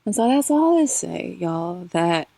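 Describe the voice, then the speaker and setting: Expressive woman telling a spiritual story. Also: lowish voice, unhurried, vocal fry, dry recording. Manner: expressive, addresses listeners as y'all, laughs often. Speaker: spiritual channel host. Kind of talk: casual personal storytelling.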